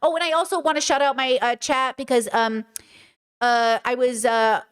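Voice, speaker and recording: Young woman host for a casual stream; chatty and animated, sits a little high, lapses into imitated voices. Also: normal speed, clear, resonant tone. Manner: animated, chatty, often mimics voices mid-story. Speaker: livestream host. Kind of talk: casual livestream chat.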